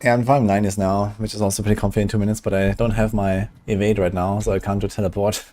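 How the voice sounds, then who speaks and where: A man's voice: on the low side, flat delivery, fast, warm tone. A man casually chatting and thinking aloud while he streams a game. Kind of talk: casual gameplay commentary.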